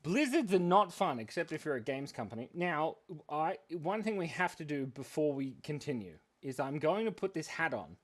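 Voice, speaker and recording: A man's voice: fairly high pitch, big pitch swings, normal speed, hardly any pauses. A man hosting a live drawing stream for kids, chatting playfully and rambling with self-mocking jokes. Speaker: livestream drawing host for kids. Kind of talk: casual live-stream chat.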